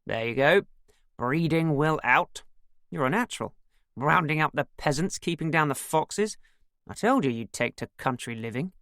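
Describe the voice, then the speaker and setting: A narrator voicing a teasing, easygoing husband in an audiobook, with a wry, joking way of talking. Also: male voice, fairly high pitch, lively intonation, moderate pace, vocal fry, no echo, studio quality. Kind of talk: audiobook character voice.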